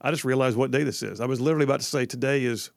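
A man hosting a talk radio show in a studio, in an energetic, folksy, chatty way. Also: mid-range voice, rapid-fire, vocal fry, dry recording.

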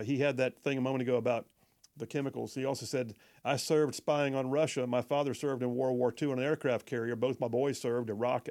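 A man's voice: mid-range voice, a little mellow. A man hosting a talk radio show, chatty and folksy, reading listener texts and often stumbling over his words.

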